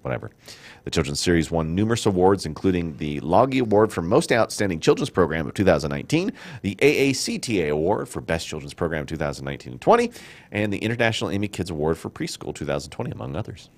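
A middle-aged man hosting a casual studio chat, joking and rambling in an animated way. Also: low voice, fast talker. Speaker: show host.

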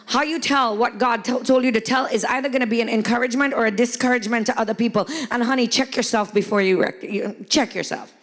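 A woman pastor preaching a sermon to a congregation, often shouting and playfully acting out quoted voices. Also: a little high, steady tone, quick pace, few pauses. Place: church hall before a congregation.

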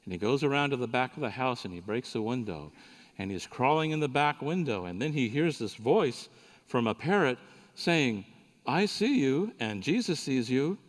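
A man's voice: mid-range voice, animated, moderate pace. A man giving a sermon at a conference, telling a folksy joking story to the audience. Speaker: conference speaker. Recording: reverberant hall recording.

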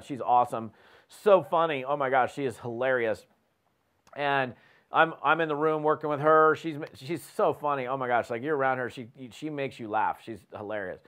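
Guy hosting a coaching podcast, energetic storyteller, lots of restarts, medium pitch. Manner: animated storyteller with many restarts. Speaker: host.

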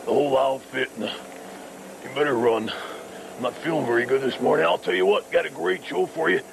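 A man doing a raspy, amped-up wrestler-host impression with a high, very gravelly voice. Faint hiss behind. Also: brisk. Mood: hyped. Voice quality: gravelly, growling catchphrase delivery. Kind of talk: playful TV show hosting.

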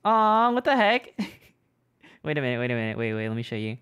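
A woman with a strikingly deep voice hosts a game stream. She chats casually and playfully, giggling and talking in quick bursts. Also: very animated, fairly bright tone, smooth. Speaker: streamer host.

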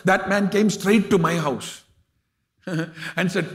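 A man's voice: high-pitched, slow, long pauses. A man with an Indian English accent, a pastor telling a story in a sermon, emotional and acting out the voices of the people in it. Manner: emotional, acts out quoted voices, rises to loud exhortation. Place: large church hall.

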